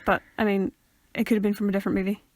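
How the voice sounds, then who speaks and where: A woman's voice: medium pitch, level tone, racing, a little mellow, no room sound, studio quality. A young woman, co-hosting a podcast in playful casual chat. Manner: playful, quotes lines in funny voices. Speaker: podcast co-host.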